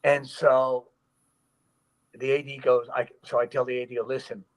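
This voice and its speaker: A stuntman telling a story in an interview, animated and loose, acting out quoted voices with frequent fillers. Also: medium pitch, a little slow, low-quality recording. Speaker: stuntman, guest.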